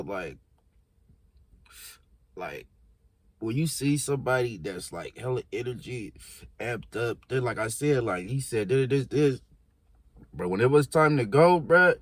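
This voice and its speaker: A man's voice: mid-range voice, dry recording. A young man casually telling a story in heavy slang, acting out the voices of the people in it. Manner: animated slangy storytelling, acts out quotes.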